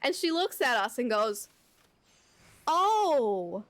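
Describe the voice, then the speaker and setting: A young adult woman streamer telling a casual story at home while she plays, animated and chatty, full of "like" and the odd swear word. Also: on the high side, a little slow. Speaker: VTuber streamer. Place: home, at her computer.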